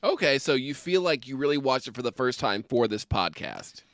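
Lively, jokey male podcast co-host. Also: mid-range voice, no room sound, clean studio sound. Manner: animated, jokey, quick to riff. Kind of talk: casual chat.

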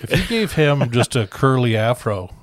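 A man's voice: medium pitch, lively intonation, moderate pace. A man co-hosting a casual movie-review podcast, joking and slipping into mock voices for gags. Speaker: podcast co-host.

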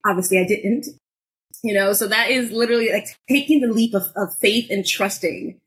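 A woman co-hosting a podcast and telling her own stories. She talks in an expressive way and leans on "like," and her voice sits at an ordinary middle pitch. Now and then she jumps to loud, high bursts to act out a scene. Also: moderate pace, slight background noise, rough recording. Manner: frequent filler "like". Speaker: podcast co-host. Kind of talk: casual podcast storytelling.

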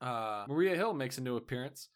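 A man's voice: medium pitch, expressive, a little fast. A young man with an ordinary mid-range voice, talking casually as a co-host. His delivery is laid-back, loose and full of fillers, with sentences that often trail off. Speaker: podcast co-host. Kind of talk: casual chat.

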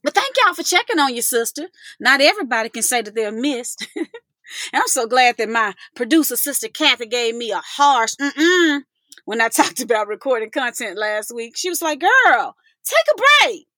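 Effusive woman podcast host, bright. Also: on the high side, expressive, normal speed, no room sound. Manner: effusive, laughing, calls listeners y'all. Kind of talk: casual podcast chat.

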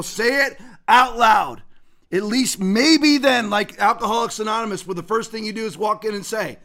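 A man with a high, bright, forceful voice hosts a commentary show. He rants and preaches in an emphatic way, quoting scripture as he goes. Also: moderate pace. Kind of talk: political commentary with scripture quotes.

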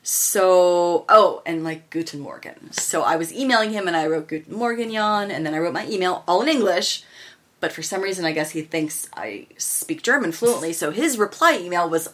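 A woman's voice: fairly low pitch, normal speed, a little hiss or hum. A woman from the United States co-hosting a casual podcast, chatty and laughing as she tells stories. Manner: chatty, laughing, animated storytelling. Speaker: podcast co-host. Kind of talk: casual chat.

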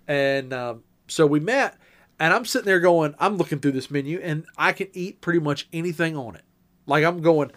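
A man with a somewhat raised pitch talks loosely on a podcast. He drags his anecdotes out and swears now and then in passing. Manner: drawn-out anecdotes, mild swearing. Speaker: podcast co-host. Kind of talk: casual chat.

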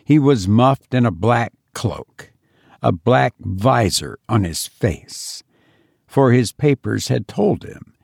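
Male audiobook narrator, measured and dramatic, dry close-mic read. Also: medium pitch, expressive, vocal fry, a little mellow, slightly rough, dry recording. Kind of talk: scripted narration of a historical novel.

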